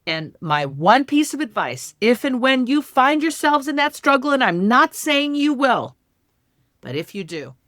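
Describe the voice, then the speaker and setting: A woman's voice: low-pitched, a bit bright, no room sound, studio quality. A middle-aged woman speaking as a podcast guest, earnest and heartfelt, with emphatic conversational delivery. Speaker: author and educator, podcast guest. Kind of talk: casual conversational interview.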